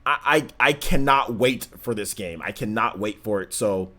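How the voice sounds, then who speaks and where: A man's voice: fairly low pitch, moderate pace, sharp tone. A young man hosting a gaming livestream, chatting loosely and telling stories animatedly, full of "man" and "like". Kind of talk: casual livestream chat.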